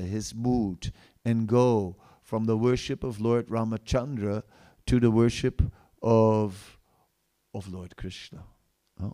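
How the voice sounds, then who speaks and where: Man animating a sermon story. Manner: animated storytelling, acts out characters' lines with rising pitch; many restarts and fillers, repeats phrases for emphasis. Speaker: preacher.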